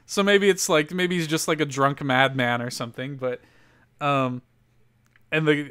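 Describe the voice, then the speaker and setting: A man's voice: a little high, normal speed, fairly bright tone, smooth, no echo, clean studio sound. A man hosting a casual podcast, reading an article aloud with lots of laughter and loose, profane storytelling. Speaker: podcast host.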